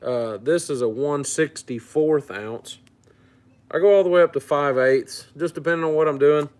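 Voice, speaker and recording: Relaxed man hosting a fishing stream. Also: a little high, moderate pace. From Louisiana. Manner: relaxed, reads out and answers viewer comments. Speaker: fishing channel host. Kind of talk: casual livestream chat.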